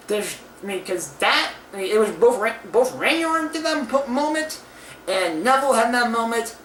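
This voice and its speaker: A man's voice: sits high, a bit bright. Rambling, cursing young man, echoey and distant. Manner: profane, ranting, many restarts and fillers. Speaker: wrestling show reviewer. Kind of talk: casual rambling review. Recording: echoey room, far from mic, faint hiss.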